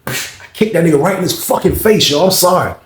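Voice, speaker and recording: A man tells a personal story at a quick clip, casual and heavily profane. He acts out the people in it, jumping much higher in pitch for their lines. His voice rings in an echoey room. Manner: animated, profane, acts out quoted voices with big jumps up in pitch. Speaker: storyteller vlogger.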